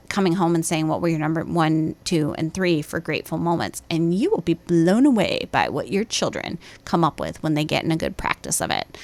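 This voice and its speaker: Woman host, 30s, slightly low voice; chatty, animated storyteller. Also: dry recording. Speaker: podcast host; preschool teacher. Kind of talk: casual parenting podcast talk.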